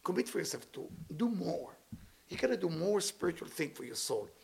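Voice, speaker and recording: A man giving a motivational spiritual talk in English with dropped words, playful and animated, stacking words in long repeated lists. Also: high-pitched, brisk, gravelly. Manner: speaks non-native English with dropped words.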